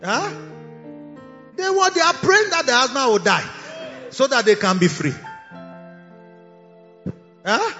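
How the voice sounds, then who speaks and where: In a cathedral sanctuary, a man serving as bishop and pastor preaches a sermon, teasing and scolding his congregation and laughing mid-sentence. His voice is extremely high and sharp, with lively intonation, a slow pace and frequent pauses. The recording is echoey and dull lo-fi, with faint music.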